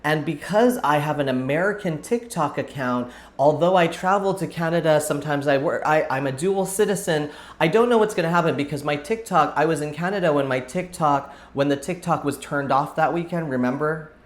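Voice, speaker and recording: A man's voice: on the high side, brisk, few pauses. A man hosting a casual craft vlog, talking on in a rambling, thinking-aloud way, picked up by a camera set back across the table. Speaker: vlog host. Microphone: camera set back at a distance on the table.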